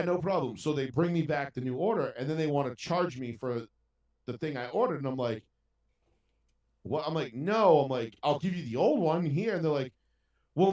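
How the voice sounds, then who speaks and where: A man's voice: a little high, a little mellow. A man telling a story in casual podcast chat, ranting with heavy profanity. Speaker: podcast co-host. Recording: roomy sound from a distant mic.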